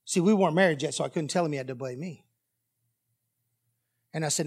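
Male pastor, high-pitched, delivers a lively story-driven sermon. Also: brisk, long pauses. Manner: animated storytelling that acts out dialogue.

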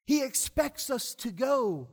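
A high-pitched man preaches to his congregation in a church. He speaks with emphasis and keeps posing questions to the room, then answers them himself. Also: sing-song, slow. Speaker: pastor. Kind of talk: sermon.

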